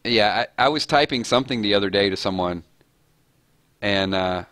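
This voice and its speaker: A man's voice: on the low side, normal speed, a bit bright, no room sound. A man hosting a casual live-stream chat, rambling and chuckling as he talks. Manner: rambling, chuckling, self-deprecating. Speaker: host.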